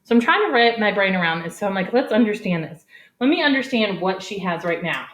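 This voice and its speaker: A woman's voice: mid-range voice, sing-song, brisk, fairly bright tone. A middle-aged woman teacher giving a playful, upbeat math lesson to children from her home garage, filmed at a whiteboard. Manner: upbeat, playful, talks to kids. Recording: echoey garage.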